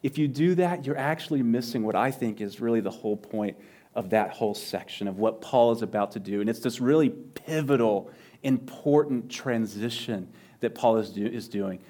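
A male pastor preaching a sermon, swinging from loud emphatic lines to near-whispers and repeating phrases for emphasis. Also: mid-range voice, normal speed.

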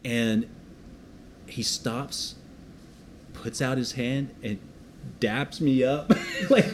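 Pastor guy telling a story in a sermon, lively, acts out the voices, faint room noise. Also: mid-range voice, very slow, long pauses. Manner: animated, self-deprecating, acts out dialogue.

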